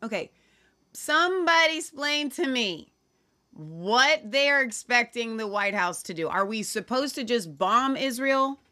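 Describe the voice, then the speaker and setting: A woman's voice: a little high, expressive, a little slow, pushed and bright. A woman co-hosting a world news talk show, asking skeptical, teasing questions. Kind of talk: casual news commentary chat.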